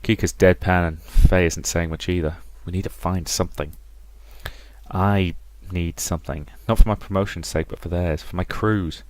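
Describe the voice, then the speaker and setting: A young man playing a sci-fi visual novel, reading out every character's lines with shifting pitch and loudness. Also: dry recording. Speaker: game let's-player.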